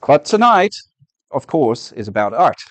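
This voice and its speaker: A man gives a formal welcome speech for a business association, reading from prepared remarks with occasional fillers. His voice sits at a middling pitch. The recording is dry. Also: big pitch swings, measured pace, dry recording. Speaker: event presenter for a business association.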